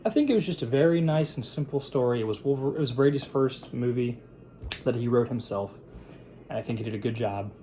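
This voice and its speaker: Young guy recapping a movie at his desk, rambly, lots of ums, mellow kinda dark voice, bit of hiss. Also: medium pitch, a little fast. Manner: rambling, with frequent fillers and restarts into quoted voices. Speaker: film reviewer. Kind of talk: casual plot recap and review. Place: at his editing table.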